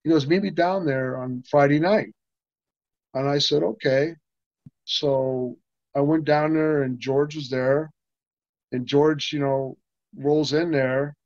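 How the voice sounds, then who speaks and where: This older man talks slowly with long pauses, his slightly high voice darkish and fairly even in intonation. As an interview guest, he rambles through a casual anecdote, restarting frequently and acting out other people's words. The audio is dull and dry, with no echo.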